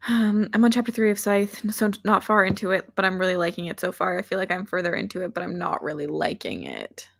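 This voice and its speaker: Her voice is lowish, gravelly and a bit bright, with lively intonation and a brisk pace, captured in a studio with no echo. She's a booktuber running reading sprints on a casual livestream, chatty and rambling, self-deprecating, leaning on "like" a lot while reading out viewer comments.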